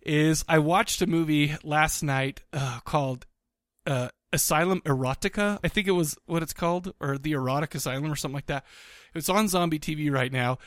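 A man co-hosting a podcast in casual chat, rambling with many restarts and fillers, excitable and quick to laugh. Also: fairly high pitch, no echo, studio quality. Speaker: podcast co-host.

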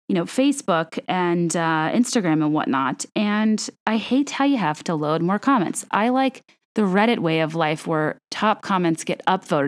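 A young woman hosting a podcast, chatting in a casual, animated rant full of fillers and self-corrections. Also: lowish voice. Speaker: podcast host.

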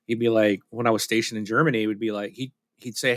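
In relaxed podcast talk, a male co-host speaks candidly, mildly poking fun at himself and frequently doubling back to restart. His mid-range voice sounds bright and forceful, moving fast with few pauses, in a dry recording free of room sound.

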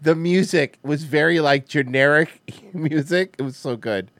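A man's voice: fairly high pitch, unhurried, a bit bright, no echo. A man co-hosting a podcast in casual chat, rambling, swearing freely and laughing often. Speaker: podcast co-host.

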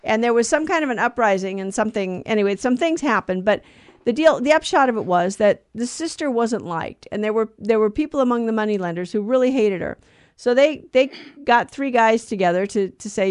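A woman's voice: on the high side, expressive, a little fast, clear, resonant tone, no echo, studio quality. A woman co-hosting a Catholic radio show, telling a story earnestly and with animation, often restarting her sentences.

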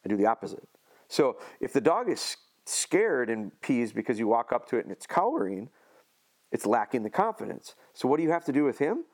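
A man's voice: mid-range voice, sing-song, brisk, a little mellow. A man casually explaining dog training on a podcast, leaning on homespun analogies and restarting his sentences often.

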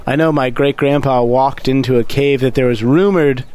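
A man's voice: medium pitch, fairly even intonation, moderate pace, darkish tone. A man playing a tabletop game, joking and laughing often in casual chat. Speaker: player.

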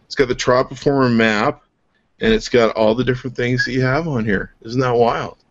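A man's voice: mid-range voice, moderate pace. A man hosting a podcast, enthusiastic and joking as he shows off a product, laughing often. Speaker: podcast host. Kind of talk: casual product chat. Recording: dull lo-fi podcast audio.

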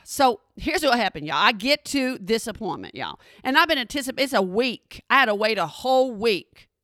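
A middle-aged woman telling a personal story to her followers in a dramatic, animated way, speaking straight to the audience. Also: on the high side, normal speed, dry recording, clean studio sound.

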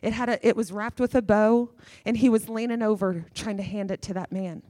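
A woman's voice: mid-range voice, steady tone, brisk, mellow, no echo, clean studio sound. A middle-aged woman preaching a sermon with fervor, emphatic and repeating phrases for effect.

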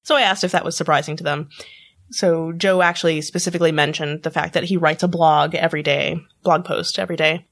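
A woman's voice: lowish voice, a bit bright. A woman chatting casually on a podcast, laughing often and restarting her words. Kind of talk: casual chat.

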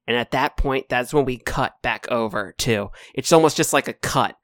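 A man runs a tabletop game as dungeon master, lively and jokey, his speech tumbling into quick bursts. His voice sits mid-pitch and the recording is dry and close. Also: no room sound.

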